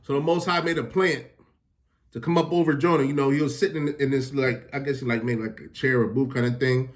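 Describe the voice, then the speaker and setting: A man's voice: mid-range voice, steady tone, fairly quick. A man reading Bible verses aloud and retelling them in casual, slangy everyday talk. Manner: reads verses, then paraphrases them in slangy street talk. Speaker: Bible teacher. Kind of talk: casual scripture teaching.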